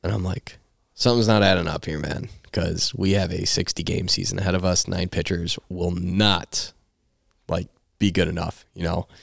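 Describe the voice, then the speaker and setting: A man in his twenties, a podcast guest, tells his story in a casual, animated way, swearing freely and saying "like" often. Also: sits low, normal speed, gravelly, no room sound, studio quality. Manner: animated, profane storytelling with lots of "like". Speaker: podcast guest, baseball player.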